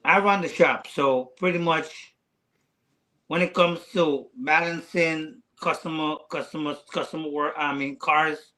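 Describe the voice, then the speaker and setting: Man, earnest heartfelt talk, fillers and restarts, somewhat high pitch. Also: steady tone, sharp tone, poor audio. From United States. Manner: earnest, halting with many fillers. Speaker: guest rider. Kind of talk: heartfelt casual conversation.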